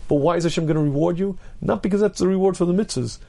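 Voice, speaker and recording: A man, a rabbi, giving an earnest Torah lecture, stressing points by repetition and clearing his throat often. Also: high voice, racing, mellow. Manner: earnest, emphatic, repeats key phrases.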